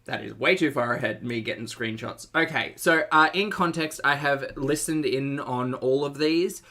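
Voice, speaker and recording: A man's voice: mid-range voice, moderate pace, sharp tone. A man hosting a casual livestream commentary, chatty and sarcastic, laughing often and greeting his chat viewers.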